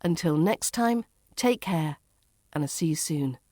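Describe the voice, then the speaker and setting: A woman with a British RP accent teaching pronunciation on a podcast, clearly demonstrating intonation examples. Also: deep voice, lively intonation, a little slow, mellow, no room sound, clean studio sound. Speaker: accent coach.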